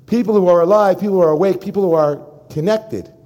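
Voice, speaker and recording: A rabbi delivers a sermon to his congregation in a high-pitched, fast voice. He is emphatic and animated, frequently turning to speak to the listeners directly.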